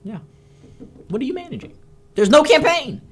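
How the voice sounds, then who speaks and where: A woman's voice: high voice, big pitch swings, normal speed. A woman hosting a political talk show, delivering heated commentary and scolding emphatically. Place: studio.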